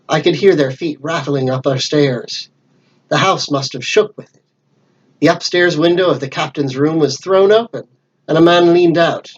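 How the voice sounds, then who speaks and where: A man reading a classic adventure book aloud as storyteller, with lively character voices. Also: on the high side, moderate pace, husky, dull audio.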